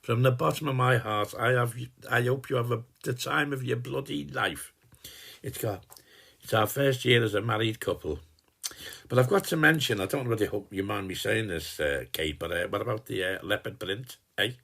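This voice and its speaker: A man in his eighties playing a gruff, cheeky old working-class dad, rambling and swearing casually in a comic Christmas greeting. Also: medium pitch, normal speed, fairly bright tone. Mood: jokey. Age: 80s. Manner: rambling and chatty, swears casually, trails off and restarts. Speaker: sending a personalized Christmas video greeting. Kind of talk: rambling in-character comic monologue.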